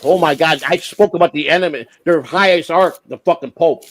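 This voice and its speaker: A man's voice: a little high, brisk, rough recording. Fired-up profane male streamer. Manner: profane, heated, swings from shouting to muttering. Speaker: livestream host. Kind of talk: unscripted livestream rant.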